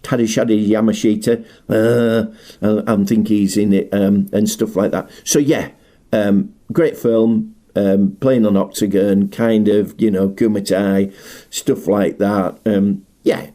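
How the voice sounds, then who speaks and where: A man's voice: fairly low pitch, fairly even intonation, takes it slowly, warm tone. A middle-aged man presenting a film tribute in a chatty, enthusiastic, rambling monologue. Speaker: martial arts film specialist presenting a tribute. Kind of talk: casual spoken monologue.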